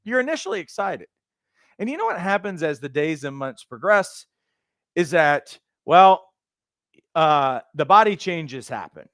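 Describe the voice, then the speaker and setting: A man teaches would-be coaches in an animated motivational talk, slipping into the voices he quotes. His voice sits high and comes across smooth and resonant. The sound is dry and close, with no room in it. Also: measured pace, dry recording. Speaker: life coach trainer.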